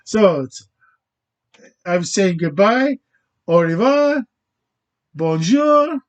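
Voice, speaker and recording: Channel host, male, high voice, unhurried, halting and self-interrupting, stumbles over foreign words. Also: very animated, lo-fi sound. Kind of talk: rambling casual monologue.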